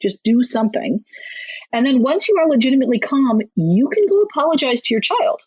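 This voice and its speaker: A woman author giving candid, down-to-earth parenting advice as a podcast guest, talking briskly and laughing often. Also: high-pitched, sing-song, darkish tone, slightly rough, no room sound, lo-fi sound. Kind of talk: conversational advice in a podcast interview.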